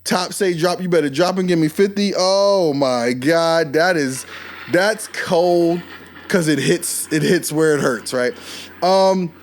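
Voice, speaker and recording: A man hosting a podcast, giving casual, animated commentary and talking straight at the people he discusses. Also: a little high, slow pace, a little hiss or hum. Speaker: podcast host.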